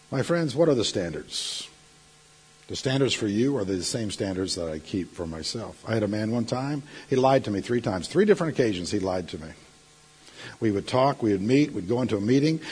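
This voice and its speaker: A middle-aged male pastor delivering a sermon, telling stories and breaking into sudden loud outbursts. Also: lowish voice, breathy edge.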